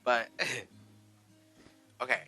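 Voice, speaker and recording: A bright, forward-sounding man chats sassily through a home cooking vlog. He swears freely and keeps calling his viewers "girl" and "honey". Faint music sits behind his voice in the kitchen. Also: medium pitch, level tone, drawn-out words, poor audio. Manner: sassy, profane, talks to viewers as "girl" and "honey". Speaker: cooking vlogger.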